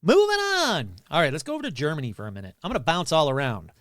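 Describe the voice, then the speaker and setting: A man's voice: a little high, huge pitch swings, rapid-fire, fairly bright tone, no room sound, studio quality. A man hosting a podcast, telling ghost stories casually with crude jokes and asides. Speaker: podcast host. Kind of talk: casual comedic storytelling.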